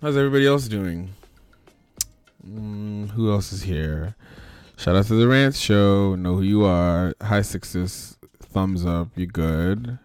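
Guy with a real low voice hosting a laid-back call-in show, jokey, lots of um and laughing, dry close sound. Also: slow pace, clean tone, no echo. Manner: lively, joking, laughs often, trails off with fillers. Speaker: podcast host. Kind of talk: casual online chat show.

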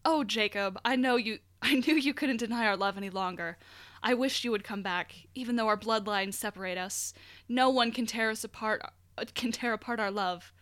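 A woman's voice: a little high, moderate pace, fairly bright tone, no room sound, natural voice. A woman reading aloud as a gushing young male vampire who gives a sappy, flowery love speech in a comic fanfic.

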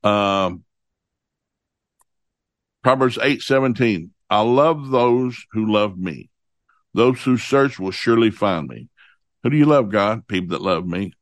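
Folksy preacher, low dry voice. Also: male voice, expressive, dry recording. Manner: homespun, repeats each verse reference twice, reads scripture slowly. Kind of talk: folksy Bible teaching.

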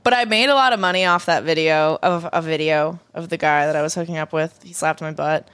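A woman's voice: low voice, fairly quick, fairly bright tone, clean tone, dry recording. A woman in her twenties co-hosting a casual chat show, blunt and crude, laughing often. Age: 20s. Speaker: podcast co-host.

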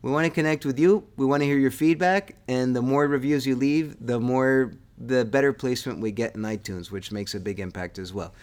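A man's voice: medium pitch, fairly quick, few pauses, darkish tone, smooth. Enthusiastic male podcast co-host. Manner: enthusiastic, eager. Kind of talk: casual chat.

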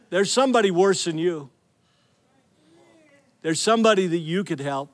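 A man's voice: high-pitched, moderate pace, long pauses. A middle-aged male pastor preaching a sermon, telling stories with energy and calling out to the congregation. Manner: energetic storytelling, calls out to the congregation.

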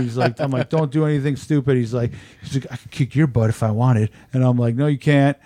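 A man's voice: medium pitch, a little fast, no room sound, clean studio sound. A man on a podcast in casual chat, telling profane stories and acting out the dialogue. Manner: profane animated storyteller, acts out dialogue. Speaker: podcast guest.

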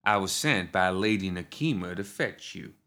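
A man voicing a huge horned monstrous woman with a very deep, smoky voice, ladylike and dry. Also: animated, a bit bright. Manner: slow, dry and prim.

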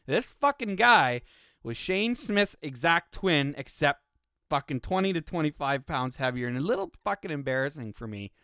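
A man's voice: a little high, sing-song, moderate pace, gravelly, bright, forceful tone, no room sound, clean studio sound. A man from Canada, hosting a podcast and telling stories in a blunt, heavily swearing, casual way. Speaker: podcast host. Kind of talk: casual profane storytelling.

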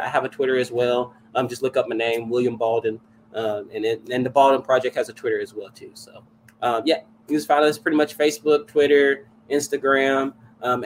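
A man from the Louisville area, chatting casually as a podcast guest, animated and quick to laugh. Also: medium pitch, a little hiss or hum, rough recording. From Louisville area, United States. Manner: animated, excitable, laughs and vents loudly.

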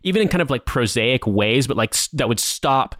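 A man's voice: mid-range voice, animated, a little fast, a bit bright, dry recording, studio quality. A man co-hosting a podcast, rambling and hesitant with frequent fillers. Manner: rambling, hesitant, many restarts. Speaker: podcast co-host. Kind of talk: casual chat.

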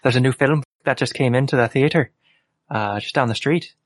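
A man with an ordinary mid-pitched voice who plays a tabletop game and speaks in a hesitant, halting way. The recording is dry, with no room echo. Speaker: player. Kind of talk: playing a tabletop game in character.

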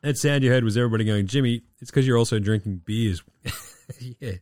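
A man hosting a casual podcast, swearing and rambling, his voice going hoarse. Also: medium pitch, quick pace, a little mellow, dry recording, studio quality. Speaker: podcast host. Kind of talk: casual basketball chat.

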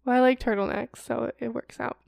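A woman's voice: fairly high pitch, fairly even intonation, fairly quick, vocal fry, darkish tone, dry recording, clean studio sound. A woman co-hosting a casual podcast, giggling often as she reads reviews aloud. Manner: giggly, laughs between lines. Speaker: podcast co-host.

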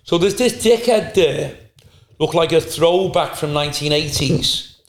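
High-voiced, swearing male comedian. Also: unhurried. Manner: profane, animated anecdote-telling. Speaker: stand-up comedian. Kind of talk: casual podcast storytelling. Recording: roomy echo.

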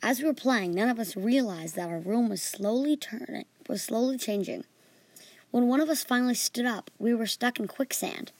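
A woman's voice: fairly high pitch, moderate pace, darkish tone, no room sound. A female podcast host reading her own fantasy adventure story in an earnest way, with small slips.

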